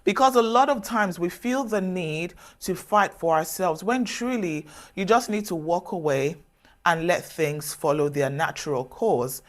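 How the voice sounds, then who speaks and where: An earnest woman gives motivational advice straight to the listener. She speaks in a measured way with emphatic pauses and keeps coaxing her audience to take her word for it. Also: fairly low pitch. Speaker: self-development speaker. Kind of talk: motivational advice talk to camera.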